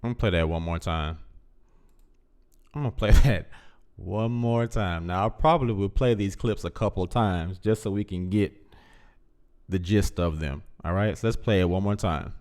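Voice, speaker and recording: A man's voice: low-pitched, normal speed, darkish tone. A man hosting a live call-in show, talking bluntly and with emphasis to his audience. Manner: blunt, emphatic, addresses chat directly. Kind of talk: casual commentary.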